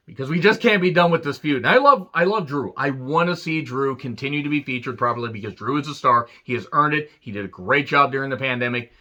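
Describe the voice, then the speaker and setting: A man's voice: mid-range voice, sharp tone, dull audio. Sarcastic, profane man ranting. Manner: sarcastic, crude jokes, frequent swearing. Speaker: wrestling show reviewer.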